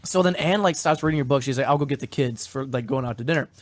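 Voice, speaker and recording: A man's voice: mid-range voice, fast, dry recording. A man co-hosting a podcast, eagerly retelling scenes in a chatty rush. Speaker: podcast co-host. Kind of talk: casual chat.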